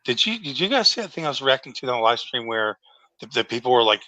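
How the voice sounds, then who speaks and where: A man's voice: medium pitch, big pitch swings, quick pace, bright, forceful tone, no echo, rough recording. A man guesting on a live stream, chatting casually and goofily, repeating jokey questions. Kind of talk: casual chat.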